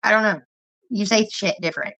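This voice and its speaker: A woman's voice: mid-range voice, brisk, pushed and bright, no echo, rough recording. A woman chatting casually and rambling, laughing and swearing as she talks. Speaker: streamer chatting with viewers. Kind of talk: casual livestream chat.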